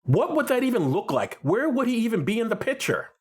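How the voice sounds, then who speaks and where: Male podcast co-host, husky, very animated, incredulous and dry. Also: very high-pitched, a little fast. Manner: incredulous straight man, reads out articles. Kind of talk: comedic movie podcast chat.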